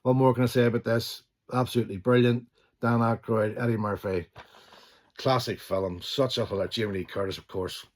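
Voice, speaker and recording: A middle-aged man, enthusiastically chatting about favourite films and swearing casually, often trailing off into quieter asides. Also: mid-range voice, steady tone, a little fast. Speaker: channel host. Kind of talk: casual film collection chat.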